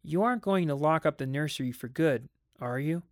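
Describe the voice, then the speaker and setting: A man's voice: on the high side, fairly quick, dry recording, clean studio sound, close to an everyday voice. A man playing a cold, defiant spoiled boy. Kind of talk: dramatic audiobook reading.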